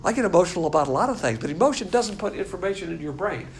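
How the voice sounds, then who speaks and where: Older male Bible teacher, gravelly voice, slightly higher than most men, blunt and contemptuous, with a faint hiss behind him. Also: very fast. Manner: blunt, scornful, animated lecturing. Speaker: pastor teacher.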